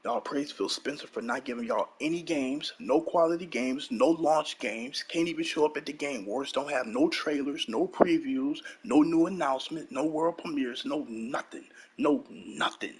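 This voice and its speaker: A man's voice: a little high, moderate pace, hardly any pauses, a little hiss or hum. A man hosting his own gaming channel, ranting heatedly and profanely, repeating lines for emphasis.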